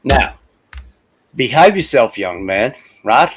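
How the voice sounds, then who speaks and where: Brief: brash middle-aged Australian male stream host, animated pitch, faint background hiss. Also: slow pace, rough recording. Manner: loud, brash, swears freely, animated. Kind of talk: casual livestream chat.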